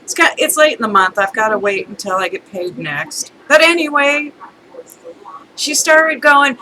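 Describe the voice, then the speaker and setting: A woman's voice: fairly high pitch, lively intonation, a little slow, pushed and bright, a little hiss or hum, low-quality recording. A middle-aged woman telling a rambling, chatty story in a casual rant, breaking into laughter now and then. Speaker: vlogger.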